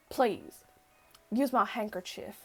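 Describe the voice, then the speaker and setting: A woman voicing a courtly older male fried-chicken colonel with a slow, gentlemanly country drawl. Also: medium pitch, husky, soft background music, exaggerated voice. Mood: gallant.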